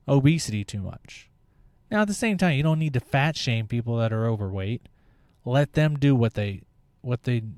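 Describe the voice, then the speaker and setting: A man's voice: mid-range voice, darkish tone, no echo, clean studio sound. A young man hosting a podcast, talking in a blunt, opinionated monologue and swearing freely. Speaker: podcast host. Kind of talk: casual monologue.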